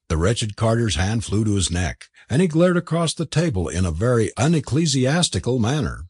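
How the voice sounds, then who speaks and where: A man narrating an audiobook in a measured storytelling manner. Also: mid-range voice, big pitch swings, darkish tone, slightly rough, dry recording, clean studio sound.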